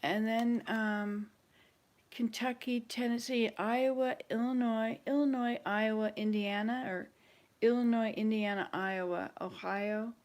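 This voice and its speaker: A woman's voice: a little high, steady tone, measured pace, darkish tone. A woman hosting a casual chat with online viewers, thinking aloud and hesitating as she searches her memory. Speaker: channel host.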